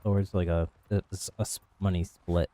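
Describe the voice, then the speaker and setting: A man's voice: sits low, flat delivery, brisk, warm tone. A man casually commenting on his gameplay live, chatty and easygoing, laughing at himself, on a desk mic. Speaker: streamer playing with viewers.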